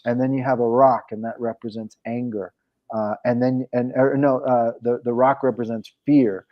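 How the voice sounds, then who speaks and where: A man with an average-pitched voice talks casually as an interview guest. He rambles and restarts his sentences often. The recording is dull and lo-fi. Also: flat delivery, moderate pace. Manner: rambling, frequent restarts and fillers. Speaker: guest, coach and program founder.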